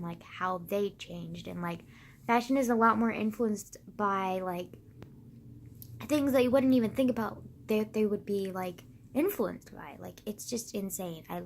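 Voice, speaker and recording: A teenage girl talking casually to camera, gushing and excitable, full of sighs, fillers and swearing. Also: medium pitch. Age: teens. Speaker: vlogger. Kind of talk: casual rambling vlog.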